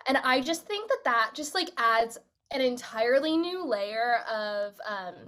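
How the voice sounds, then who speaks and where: Young woman podcast co-host, slightly high voice, eager and rambling with many fillers. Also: lively intonation, measured pace, fairly bright tone. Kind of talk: casual chat.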